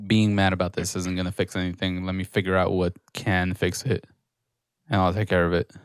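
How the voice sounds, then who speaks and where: A young man co-hosting a relaxed podcast, with a lowish voice. He swears a lot and keeps slipping into quick impressions of the people he talks about. The sound is dry and close to the mic. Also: clear, resonant tone, no room sound. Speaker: podcast co-host. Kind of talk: casual chat.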